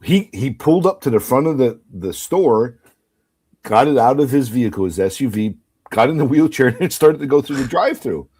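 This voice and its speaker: A man in his fifties telling an animated story in casual chat, acting out quotes and laughing. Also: medium pitch, moderate pace, slightly rough.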